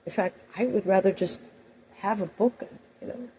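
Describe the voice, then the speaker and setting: A woman's voice: medium pitch, moderate pace, warm tone, slight background noise, rough recording. A woman telling personal stories in a rambling, anecdotal monologue full of asides. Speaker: host.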